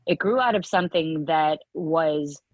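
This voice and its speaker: Husky low woman guest, lots of restarts, slightly dull dry sound. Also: a little slow, no echo. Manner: earnest, tumbling restarts, acts out remembered quotes. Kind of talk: candid personal interview.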